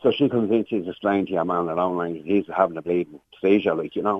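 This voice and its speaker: The caller is an Irish man in his sixties with a low voice who talks fast, spinning a long, rambling phone-in story and imitating the people in it. The line is muffled, but there is no room sound.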